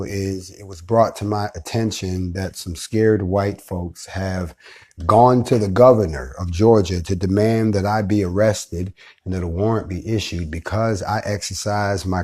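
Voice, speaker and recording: A man hosting a live online show, giving a defiant, preacher-like monologue that swings from slow, low passages to loud, forceful ones. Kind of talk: impassioned live-stream monologue.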